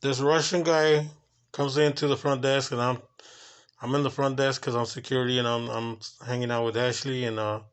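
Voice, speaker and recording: A man who works hotel security, telling a casual story in loose, halting runs and bursting into profane exclamations. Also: mid-range voice, clear, resonant tone. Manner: excitable and profane, breaks into quoted exclamations; talks in loose, halting runs with many fillers.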